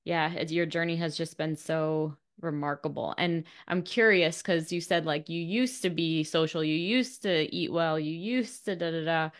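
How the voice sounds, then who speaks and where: A woman's voice: low-pitched, normal speed, hardly any pauses. A woman hosting a podcast interview, affirming her guest and thinking aloud as she responds. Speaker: podcast host. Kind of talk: interview chat.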